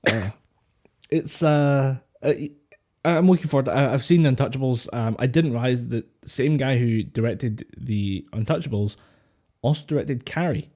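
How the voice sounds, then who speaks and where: A man co-hosts a casual podcast over an online call, his voice mellow and relaxed. He rambles through stories, swears freely and breaks into laughter often. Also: mid-range voice, measured pace, long pauses. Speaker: podcast co-host. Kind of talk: casual chat. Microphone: home mic over online call.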